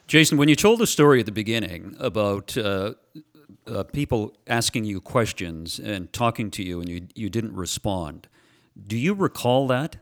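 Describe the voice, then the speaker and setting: A man's voice: fairly low pitch, lively intonation, moderate pace. A man interviewing a guest, asking plain questions with some hesitant fillers.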